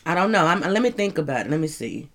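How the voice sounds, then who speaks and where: Chatty woman host, lower voice. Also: very animated, quick pace, slight background noise. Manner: chatty, laughing, rambling. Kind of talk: casual commentary.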